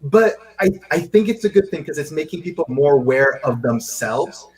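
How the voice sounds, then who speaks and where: A man who grew up in Seychelles, hosting a casual video chat in an animated way, often stumbling over repeated words. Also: a little high, normal speed, rough recording. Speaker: host. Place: live video call.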